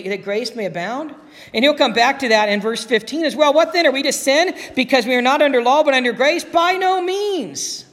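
High-voiced preacher in a reverberant hall. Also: male voice, fairly bright tone. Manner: emphatic preaching with rising exclamations. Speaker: pastor. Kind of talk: sermon. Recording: long reverb of a large hall.

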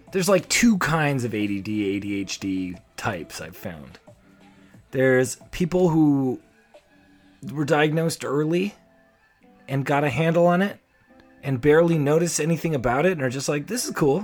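A man's voice: mid-range voice, expressive, measured pace, pauses often. A man hosting a solo comedic podcast, talking in a wry, rambling, self-deprecating way. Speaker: podcast host. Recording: faint music playing behind. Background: soft background music.

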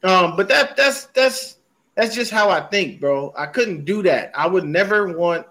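A man co-hosting a sports podcast, telling animated stories in casual, profane chat. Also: high voice, a little slow. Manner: animated storytelling with heavy cursing. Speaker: podcast co-host.

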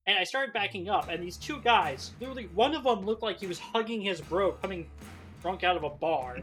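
Animated man telling a story. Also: high voice, brisk, faint music behind. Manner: animated storyteller, acts out his own lines. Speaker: podcast co-host and modder. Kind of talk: casual podcast chat.

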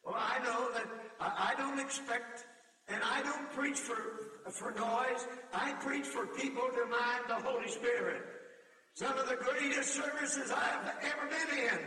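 Older preacher guy, real high bright voice, sings bits of hymns and shouts, far off in a big echoey hall. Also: steady tone, measured pace. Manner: emotional storytelling, breaking into sung hymn lines and shouted appeals. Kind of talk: camp meeting sermon. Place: large meeting hall or tabernacle.

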